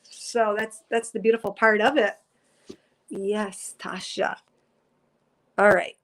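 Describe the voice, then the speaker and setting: A woman's voice: medium pitch, flat delivery, normal speed, fairly bright tone, poor audio. A woman doing a spiritual livestream reading, speaking earnestly and emotionally, rambling and correcting herself as she reads viewer comments. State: teary, emotional. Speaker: psychic reader on a livestream. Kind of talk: casual spiritual livestream talk.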